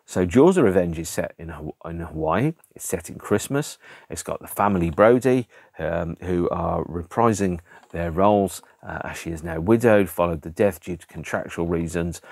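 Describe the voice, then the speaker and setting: A man's voice: sits low, moderate pace, gravelly, a little mellow, no room sound. A man hosting a casual podcast, reviewing films in an exasperated, emphatic way with rhetorical questions and the odd swear word. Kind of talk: casual chatty film review.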